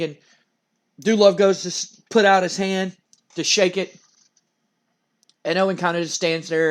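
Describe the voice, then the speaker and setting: High-voiced rambling man narrating a game. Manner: rambling, many "like" and "and everything" fillers. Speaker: let's-play narrator.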